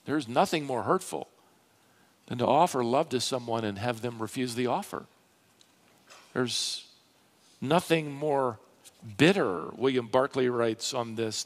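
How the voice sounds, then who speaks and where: Slow, dramatic male preacher. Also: medium pitch. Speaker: pastor. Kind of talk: sermon. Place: church sanctuary.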